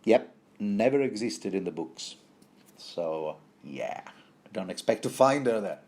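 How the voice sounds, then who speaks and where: A man's voice: on the low side, expressive, a little slow, darkish tone, husky. A man giving a rambling, casual book commentary, full of fillers and wry asides.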